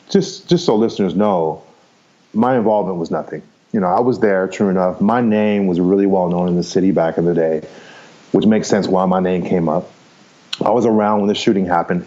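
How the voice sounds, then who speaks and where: A low, mellow male voice comes through dull audio. The speaker, in his fifties, is a podcast guest giving a frank, meandering account of his life, dropping casual swear words and laughing easily.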